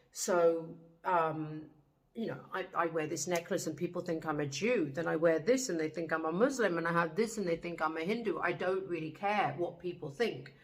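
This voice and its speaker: A woman's voice: lowish voice, echoey room, poor audio. Earnest woman giving spiritual teachings. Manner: earnest, emphatic declarations with frequent ums. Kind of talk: spiritual monologue to camera.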